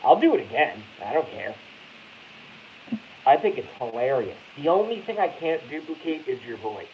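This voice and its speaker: A man's voice: mid-range voice, very animated, normal speed. A man from Boston hosting a casual live stream, rambling, swearing and cutting himself off mid-sentence. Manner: rambling, profane, self-interrupting. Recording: dull lo-fi audio with faint hiss.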